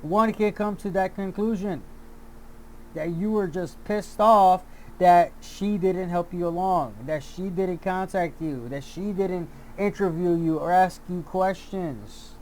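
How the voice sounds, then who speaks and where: A man with a fairly high voice delivers an angry commentary rant at a slow, deliberate pace. He swears freely, circles back over the same points and keeps restarting his sentences. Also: a little mellow, a little hiss or hum. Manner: heated, profane, repeats himself and restarts often. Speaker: YouTube commentator.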